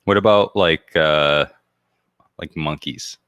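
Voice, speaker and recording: A man with a very deep, bright, forceful voice hosts a relaxed chat, joking and drifting off topic. The sound is close and dry. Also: slow, no echo, muffled recording. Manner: joking, rambling, laughs often. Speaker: host. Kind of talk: casual interview chat.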